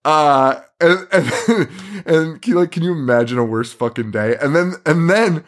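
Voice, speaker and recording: A man co-hosting a podcast, recapping a movie in casual chat, swearing a lot, laughing and acting out scenes in quick put-on voices. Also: fairly high pitch. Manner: profane, laughing, acts out scenes in quoted voices. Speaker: podcast co-host.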